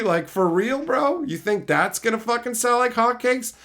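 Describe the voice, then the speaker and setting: A man's voice: high voice, normal speed, hardly any pauses, a bit bright. A man hosting a livestream, casually reading chat and ranting in a profane, unfiltered way. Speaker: livestream host.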